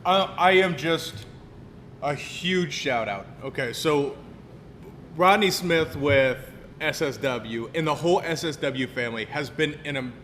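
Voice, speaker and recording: A man's voice: fairly high pitch, unhurried, fairly bright tone, slight background noise. A man co-hosting a casual livestream in a cigar shop. He laughs often and greets viewers by name.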